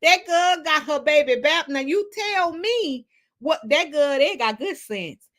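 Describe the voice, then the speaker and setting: A woman hosting a casual gossip livestream, sassy and animated, laughing often as she reads the chat. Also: high-pitched, unhurried. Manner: sassy, animated, laughs a lot, Southern Black American slang. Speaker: livestream host reading chat.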